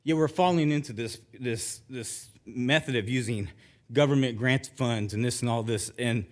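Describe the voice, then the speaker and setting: Nervous middle-aged man at public comment. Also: medium pitch. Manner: nervous and emotional, halting with many restarts. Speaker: resident giving public comment. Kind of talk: public comment at a council meeting. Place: council chamber.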